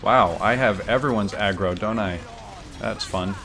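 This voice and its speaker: Low-voiced man rambling through a game stream. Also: a little slow, music in the background. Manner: rambling, many fillers and restarts, banter with chat. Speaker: streamer playing a video game. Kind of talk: casual chat while gaming.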